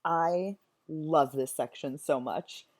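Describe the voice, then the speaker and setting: A woman's voice: low-pitched, slow, darkish tone, a little hiss or hum. A woman teacher explaining a play in a chatty, enthusiastic way. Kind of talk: recorded literature lesson.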